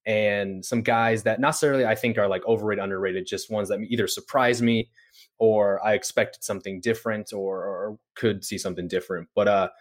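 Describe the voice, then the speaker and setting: Man, low voice, podcast host, relaxed, loose casual interview. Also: fairly quick.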